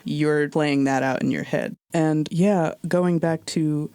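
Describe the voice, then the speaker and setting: A man with a fairly high, gravelly voice hosts a casual podcast chat. He sounds laid-back and reflective, and asks thoughtful follow-up questions. The sound is dry and close. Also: steady tone, takes it slowly, a little mellow, dry recording. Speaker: podcast host. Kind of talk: casual conversation.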